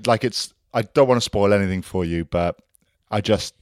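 A man's voice: on the low side, normal speed, a little mellow. A man co-hosting a podcast, chatting in a laid-back, teasing way. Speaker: podcast co-host. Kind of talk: casual chat.

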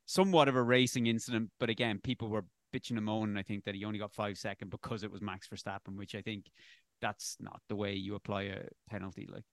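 A man's voice: on the low side, fairly even intonation, quick pace, creaky, dry recording. Rambling opinionated man, dry close sound. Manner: rambling, self-correcting, opinionated. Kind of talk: casual sports discussion.

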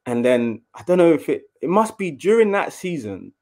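A man's voice: on the high side, normal speed. A young adult man, telling a casual story in an interview and acting out what others said. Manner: animated storyteller, acts out quotes in a raised voice. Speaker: former footballer, guest.

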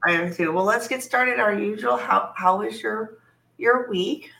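A woman co-hosting a casual motorsport chat podcast, hoarse and raspy from a cold, talking in halting starts and restarts. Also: medium pitch, pushed and bright, rough recording. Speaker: podcast co-host. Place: home, Germany.

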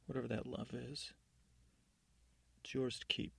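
A man voicing a shrewd, coaxing fairy godmother in a sleep story, asking soft, sly, probing questions. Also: medium pitch, little pitch movement, unhurried, vocal fry, breathy edge, no echo, heavily acted. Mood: hushed. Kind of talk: sleep-story narration with character voices.

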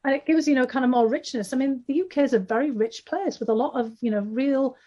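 A woman's voice: sits high, quick pace, warm tone, lo-fi sound. A woman with a Northeast English accent, an author answering interview questions at length, with many fillers and restarts. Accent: Northeast England. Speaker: author guest.

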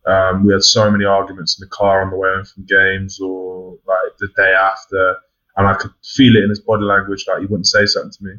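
Young English man, low flat voice, bright tone, lo-fi recording; candid podcast guest who swears. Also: fairly quick. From England. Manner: frank, swears freely, many ums. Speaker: podcast guest, rugby player. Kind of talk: casual reflective chat. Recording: dull lo-fi sound.

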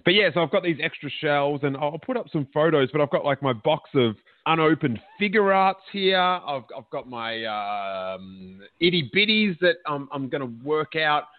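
A man's voice: on the high side, expressive, moderate pace, hardly any pauses, no room sound. A man hosting a podcast, chatting casually and telling joking anecdotes. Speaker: podcast host. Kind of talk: casual chat. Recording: phone-like lo-fi line, dry.

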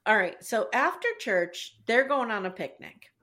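Animated woman recapping with laughter. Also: fairly high pitch, moderate pace. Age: adult with children. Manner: animated, laughing, profane storytelling. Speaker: podcast co-host recapping a show. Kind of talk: casual chat.

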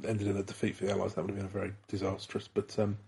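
A man's voice: low-pitched, completely flat delivery, rapid-fire, gravelly, a little mellow, breathy edge. A British man co-hosting a casual podcast chat, rambling and chuckling as he tells ghost stories. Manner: rambling, many restarts and chuckles. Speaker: podcast co-host.

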